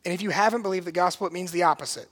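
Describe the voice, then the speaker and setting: This pastor's sermon comes rapid-fire in a high male voice. He is earnest and emphatic, going from soft, hushed phrases to loud and forceful ones.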